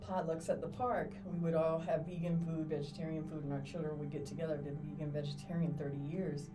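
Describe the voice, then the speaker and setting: Middle-aged lady doula telling stories, low voice, kinda far from the mic w/ music playing. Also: fast talker. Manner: animated storyteller, acts out quotes, laughs often. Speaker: podcast guest, doula. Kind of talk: casual storytelling interview. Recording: distant mic with clear music behind.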